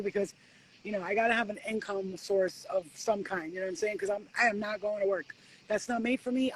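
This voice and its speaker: A woman hosting a live stream as a spiritual reader, giving a swearing, preachy pep talk that swoops in pitch and slows for stress. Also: slight background noise, poor audio. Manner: profane, preachy, animated.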